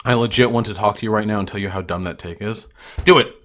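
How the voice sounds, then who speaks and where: A man's voice: lowish voice, fast, fairly bright tone. A young man hosting a livestream, ranting at his chat in a profane, combative and mocking way. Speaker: livestream host.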